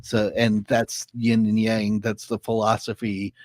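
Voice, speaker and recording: A man's voice: fairly low pitch, flat delivery, unhurried, dry recording. A man on a podcast panel, explaining films in a thoughtful, casual way. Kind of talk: casual film discussion.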